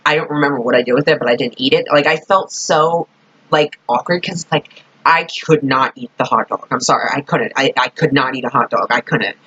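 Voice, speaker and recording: Woman vlogger, casual rambling storytelling, sharp bright tone, dull lo-fi recording. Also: very deep voice, brisk, slightly rough. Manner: rambling, profane, full of "like".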